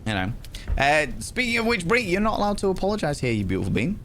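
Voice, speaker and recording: A man's voice: sits high, wildly swooping pitch, quick pace, a bit bright, a little hiss or hum. A young man hosting a livestream, chatting casually and greeting viewers by name as he reads their comments aloud. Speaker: livestream host.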